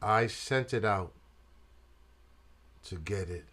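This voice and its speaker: A man's voice: lowish voice, takes it slowly, a bit bright. A man hosting his own channel, telling a story in casual jazz slang and often saying "man" and "you dig". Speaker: trumpet player and channel host.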